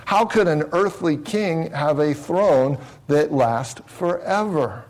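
A man preaching a Bible-teaching sermon in an explanatory way. He often asks his listeners rhetorical questions and slows down and grows softer on key phrases. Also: on the high side, expressive, poor audio. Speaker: pastor.

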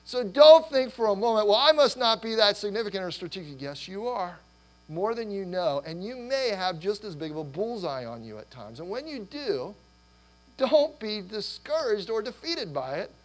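Middle-aged male pastor, slightly high voice, hoarse, rambling and animated sermon delivery. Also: normal speed, poor audio. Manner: animated, rambling with restarts and laughter. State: losing his voice.

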